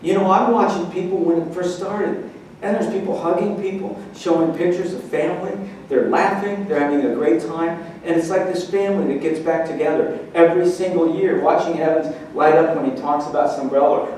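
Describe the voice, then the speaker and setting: A man giving a motivational keynote speech at a conference, animated and telling stories, acting out the voices he quotes. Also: fairly high pitch, normal speed, a little hiss or hum. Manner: animated storyteller, acts out quotes. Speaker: keynote speaker. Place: large conference hall. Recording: echoey hall, mic from far off.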